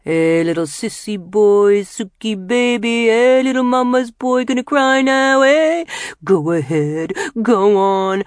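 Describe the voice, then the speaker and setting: A woman voicing a brutal drunken older man, shouting and taunting in a loud, raised voice. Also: fairly high pitch, extremely slow, pauses often, no echo, studio quality, pitched above the performer's own voice. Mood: jeering, shouting.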